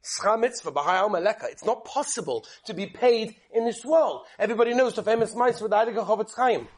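A man, a rabbi, delivering a sermon and telling stories in an animated, emphatic way. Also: high voice, a little fast. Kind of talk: sermon with storytelling.

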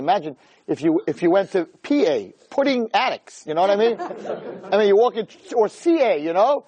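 A middle-aged man giving a jokey, animated storytelling talk as a rabbi, peppering it with "right?". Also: high voice, normal speed. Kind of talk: storytelling lecture.

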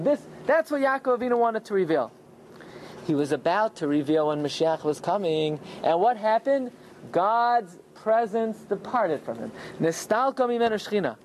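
A man giving an animated Torah class, telling the story with lots of rhetorical questions. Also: high voice, moderate pace, a little hiss or hum. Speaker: rabbi teaching Torah.

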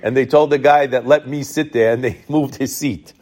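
A man's voice: mid-range voice, steady tone, normal speed, darkish tone. Conversational man teaching midrash. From Brooklyn, New York. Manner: retells midrash in Hebrew then English, conversational. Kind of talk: Torah talk to a congregation.

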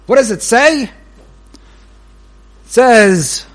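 A rabbi giving a Torah lecture in a high, light voice. He talks slowly and pauses between short phrases, and his pitch leaps about when he tells a story. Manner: animated storyteller whose pitch leaps while telling a joke. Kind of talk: Torah lecture opening with a joke.

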